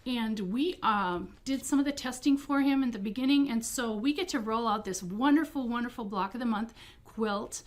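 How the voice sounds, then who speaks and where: A chatty, enthusiastic middle-aged woman shows off products in a quilt shop at a moderate pace. Her voice is slightly high, and her casual talk is dotted with ums and repeated words such as "beautiful."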